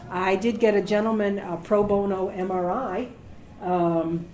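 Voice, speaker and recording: A middle-aged woman, a medical assistant, giving career advice to students as a lively storyteller who acts out the voices of people she quotes. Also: mid-range voice, measured pace. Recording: echoey room with faint noise.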